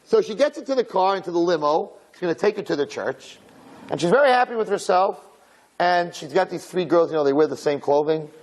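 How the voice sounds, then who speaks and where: A male rabbi telling a story in a sermon, animated and acting out voices, with Hebrew and Yiddish terms mixed in. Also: high voice, a little fast, low-quality recording.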